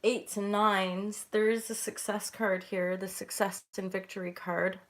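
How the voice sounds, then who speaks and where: A woman hosting a casual intuitive tarot reading, chatty and rambling, with sudden bright greetings. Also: medium pitch, flat delivery, measured pace. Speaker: host and tarot reader.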